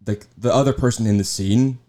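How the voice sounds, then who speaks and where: A man's voice: mid-range voice, brisk, mellow. A man co-hosting a casual podcast, asking questions in a hesitant, searching way. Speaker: podcast co-host.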